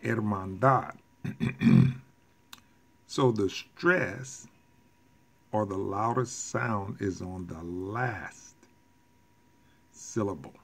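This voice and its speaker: A man teaching a recorded language lesson, explaining rules deliberately with casual asides and self-corrections. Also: lowish voice, big pitch swings, vocal fry. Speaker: Spanish teacher.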